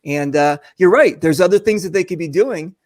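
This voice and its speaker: A man's voice: sits high, normal speed, no echo. A man hosting a casual video-call chat, joking and rambling with lots of fillers. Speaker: host.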